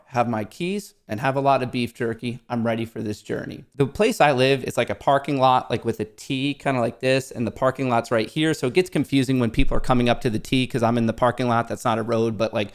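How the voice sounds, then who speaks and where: A man hosting his own show tells a self-mocking comic story in a loose, casual way. His voice sits at an ordinary middle pitch but leaps up sharply whenever he wants to stress a point. He swears freely as he goes. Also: fairly quick, hardly any pauses. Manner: animated, self-mocking, jumps high in pitch for emphasis. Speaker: host of a stock market show. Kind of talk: comedic personal storytelling.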